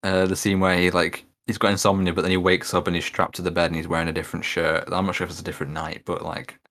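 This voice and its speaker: A co-host in a casual podcast chat, speaking in a relaxed, hesitant way with many restarts. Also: low-pitched, fast talker.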